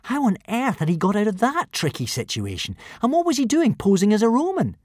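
Animated male storybook narrator. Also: high-pitched, brisk, dry recording, studio quality. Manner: expressive, animated reading. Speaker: audiobook narrator.

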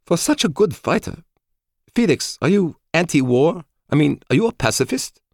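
A man voicing an irritated female officer, raising his voice high and needling. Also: very animated, darkish tone, dry recording, studio quality. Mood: bewildered. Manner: brisk, needling, high-pitched.

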